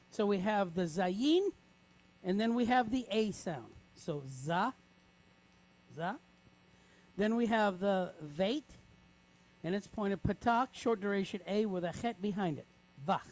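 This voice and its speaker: A man's voice: high voice, animated, a little mellow. A man teaching a reading lesson, breaking words into sounds and checking in with the class after each step. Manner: patient, checks in with frequent "right?"; spells out sounds slowly, syllable by syllable.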